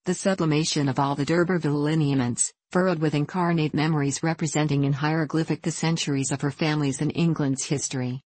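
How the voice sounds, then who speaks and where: A woman narrating a classic novel in a measured, even reading. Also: low voice, slightly rough, dry recording. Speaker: audiobook narrator. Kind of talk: scripted narration.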